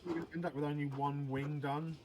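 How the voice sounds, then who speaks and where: A man's voice: on the high side, flat delivery, fast. A man co-hosting a casual painting livestream, making dry, wry asides. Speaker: co-host. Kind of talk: casual chat while painting miniatures on a livestream.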